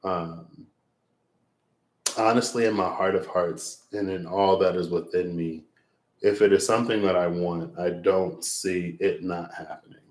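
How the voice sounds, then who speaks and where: A man's voice: deep voice, steady tone, a little slow, darkish tone, roomy sound. A man who reads tarot, closing a long livestream with rambling, reflective talk and frequent laughs. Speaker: tarot reader. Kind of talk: late-night livestream wrap-up chat.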